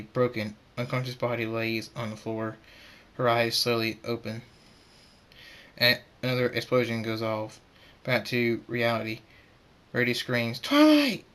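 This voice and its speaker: A man reading an amateur fan story aloud in a middling voice. He reads in a halting way, with frequent stammers and restarts. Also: medium pitch, a bit bright. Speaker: narrator.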